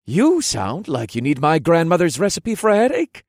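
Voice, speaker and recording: A man's voice: medium pitch, sing-song, normal speed, a little mellow, no echo, studio quality, voice pushed up. A man voicing a cheerful, helpful young lieutenant in an audiobook. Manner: chipper, helpful.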